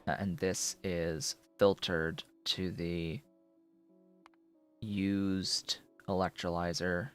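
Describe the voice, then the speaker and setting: A man's voice: low-pitched, little pitch movement, very slow, fairly bright tone, clean tone, faint music behind. A man streaming a building game, thinking aloud in casual commentary as he works.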